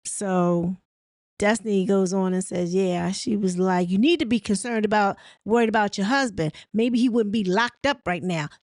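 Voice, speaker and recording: A woman's voice: mid-range voice, normal speed, dry recording, studio quality. A woman hosting a casual recap show, retelling the dialogue in a chatty, storytelling way with candid, opinionated asides. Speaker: host of a reality TV recap show.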